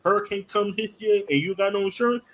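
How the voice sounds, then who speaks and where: A man co-hosting a casual podcast chat, telling animated stories and swearing freely, with a Southern and New England accent. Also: sits high, fast talker. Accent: Southern US mixed with New England. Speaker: podcast co-host.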